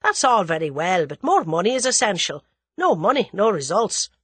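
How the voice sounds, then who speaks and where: A woman's voice: mid-range voice, very animated, moderate pace, slightly rough, no room sound. A woman reading aloud, voicing a demanding Irish rebel man with an Irish accent. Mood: insistent.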